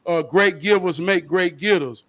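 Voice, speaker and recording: A man's voice: sits high, measured pace, fairly bright tone. A man who is a guest on a podcast, speaking earnestly in motivational slogans. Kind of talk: casual chat.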